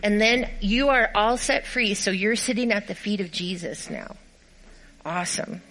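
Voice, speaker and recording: A woman's voice: medium pitch, moderate pace, fairly bright tone, rough recording. A woman pastor giving a sermon, cheerfully directing volunteers through a skit and reading scripture aloud. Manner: upbeat and encouraging.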